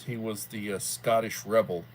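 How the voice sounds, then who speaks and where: A man's voice: lowish voice, fairly even intonation, normal speed, a little hiss or hum. A man hosting a livestream in casual chat, rambling in a folksy way and repeating himself. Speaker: livestream host.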